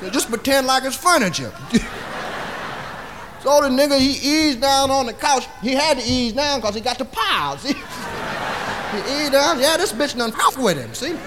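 A man's voice: extremely high pitch, animated, moderate pace. A man doing stand-up storytelling in a bawdy, drawling way, tagging lines with "see?". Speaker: comedian. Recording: live comedy record with audience laughter and noise.

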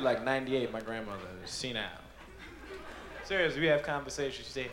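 A man performing stand-up comedy, telling animated, profane stories. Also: medium pitch, fast talker, echoey room, background noise. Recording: live club recording with loud crowd laughter.

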